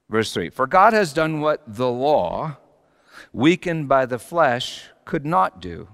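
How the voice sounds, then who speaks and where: A man preaching a sermon as pastor, confessional and swinging from quiet reflection into animated, rising intensity. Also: mid-range voice, takes it slowly. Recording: long hall reverb.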